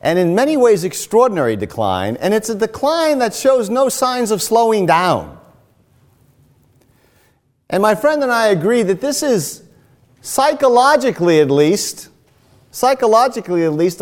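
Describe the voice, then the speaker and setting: Older male preacher, high and animated, long hall reverb, emphatic sermon delivery. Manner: emphatic, deliberate, repeats key phrases. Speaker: pastor.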